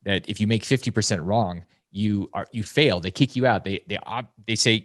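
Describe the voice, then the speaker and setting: A man in his forties, a podcast guest, talking bluntly and emphatically, jumping into loud mocking quotes. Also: on the low side, normal speed, few pauses, no room sound. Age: 40s. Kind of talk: fast, blunt podcast talk.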